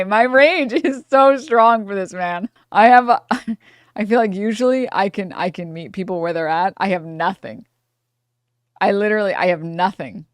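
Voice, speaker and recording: A woman streamer reacting live, ranting hotly and swearing freely. Her voice sits at a mid pitch and is recorded dry and close, with no room echo. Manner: heated, profane ranting.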